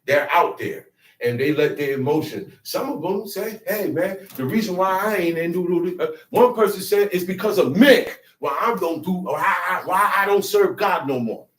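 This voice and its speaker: Man with a high voice, preaching casually to a group, recorded from off the mic in a roomy space. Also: normal speed, recorded from a distance. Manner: animated, preachy, repeats phrases for emphasis. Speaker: teacher of a religious group. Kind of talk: informal sermon to a congregation.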